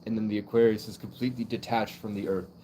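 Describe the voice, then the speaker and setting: Young male streamer with a lowish voice, rambling monologue peppered with fillers, faint crickets behind. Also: fairly even intonation, fast talker, dark tone, slight background noise. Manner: rambling, heavy use of "like" fillers. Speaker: livestreamer. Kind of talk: casual live stream monologue.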